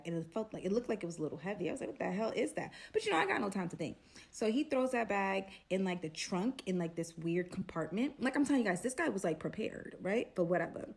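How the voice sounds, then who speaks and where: A young woman from Brooklyn with a Brooklyn accent, telling a casual storytime. She speaks in an animated way and drops to hushed tones for suspense. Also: fairly low pitch. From Brooklyn, New York.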